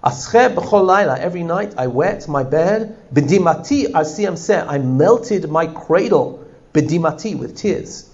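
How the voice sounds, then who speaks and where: A man's voice: a little high, unhurried, lo-fi sound. A man teaching a text-study class, translating line by line and checking in with his listeners. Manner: animated, translating line by line with frequent "right?". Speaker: Torah teacher.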